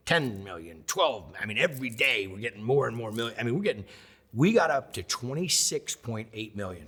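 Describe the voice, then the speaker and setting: A husky, fairly low-voiced man of middle age tells his story as an interview guest. He acts out each quoted line and swings from loud bursts to near whispers. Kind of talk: animated storytelling.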